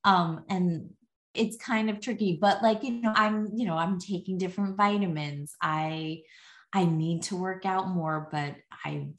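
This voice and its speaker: A middle-aged woman talks as a podcast guest in a loose, chatty way, full of fillers and small laughs. Her voice sits slightly low. The recording has a noticeable room echo. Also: a little slow. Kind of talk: casual conversation. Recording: echoey room.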